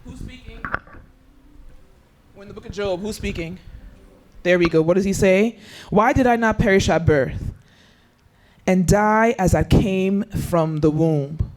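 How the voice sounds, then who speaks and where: A man's voice: high voice, measured pace, pauses often. A man leading an interactive youth Bible study, asking the group questions and acting out the scripture quotes he reads.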